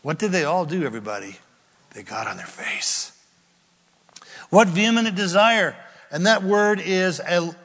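A man preaching a sermon as a pastor, stressing key words with drawn-out emphasis. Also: sits high, lively intonation, a bit bright. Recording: long reverb of a large hall.

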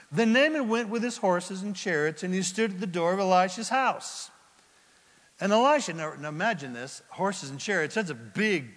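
High-voiced preacher in an echoing hall. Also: male voice. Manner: animated, asks the congregation rhetorical questions; acts out the characters in the story. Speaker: pastor. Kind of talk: expository sermon.

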